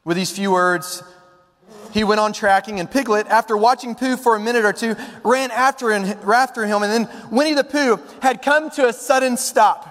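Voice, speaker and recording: High-voiced pastor in an echoing church. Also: male voice, fairly even intonation, normal speed, a bit bright. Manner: informal and self-deprecating, reading aloud. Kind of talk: sermon with storybook reading.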